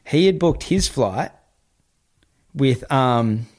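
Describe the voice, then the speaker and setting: A man telling a story in casual talk, animated and swearing, acting out what other people said. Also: medium pitch, very slow.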